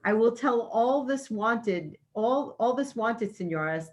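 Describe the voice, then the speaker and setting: A woman in a class reading a historical text aloud in an even, measured way. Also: a little high.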